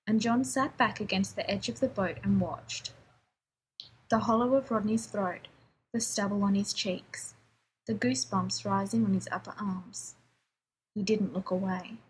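A woman reading a story aloud in a calm, even narrating voice. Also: medium pitch, slight background noise, rough recording. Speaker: reader. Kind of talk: audiobook reading of fan fiction.

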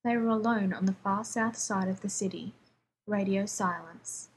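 A woman reading a story aloud in a calm, even narrating voice. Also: medium pitch, moderate pace, slight background noise, rough recording. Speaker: reader. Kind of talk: audiobook reading of fan fiction.

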